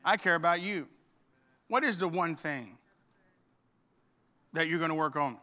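A man's voice: on the high side, unhurried, pushed and bright. A middle-aged man preaching a sermon, telling a funny story and acting out the dialogue. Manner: storytelling with humor, acts out dialogue. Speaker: pastor.

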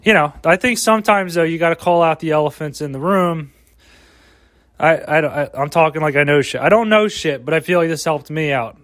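A man's voice: a little high, a little fast, fairly bright tone, dry recording, studio quality. A man hosting a solo podcast, rambling casually with lots of swearing and mock pep talk, recorded outdoors. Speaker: podcast host.

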